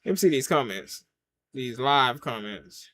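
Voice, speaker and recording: A man giving casual live reaction commentary while watching a wrestling show, swinging from loud excited yelps to low mutters in easygoing slang. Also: a little slow. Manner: casual slang, talks to himself and the chat. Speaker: wrestling watch-along reviewer.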